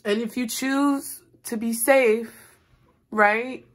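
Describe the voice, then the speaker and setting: A woman's voice: fairly high pitch, fairly even intonation, slow pace. A woman giving a tarot reading, talking earnestly and directly to her viewers in a rambling, spiritual way. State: crying, voice rising and breaking. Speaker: tarot reader.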